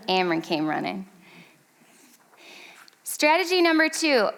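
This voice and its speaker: A woman in her thirties gives a casual talk to a parenting class at church. Her voice sits a little high, and she laughs easily at her own stories. She acts out the scenes, putting on a high, whiny voice for her son. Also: a bit bright, clear, resonant tone. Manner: chatty and self-mocking, laughs often.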